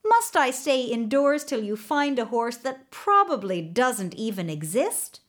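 A petulant twelve-year-old king , played by a woman storyteller, high and indignant, with lively swings in pitch. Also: measured pace.

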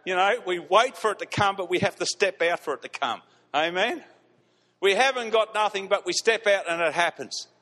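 A fairly high-voiced man preaching to his congregation, telling stories with lively emphasis and repeating key phrases. His voice rings out with a long hall reverb around it. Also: moderate pace. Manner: animated, repeats lines for emphasis, laughs at his own stories. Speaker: pastor. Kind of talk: storytelling sermon. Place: church hall.

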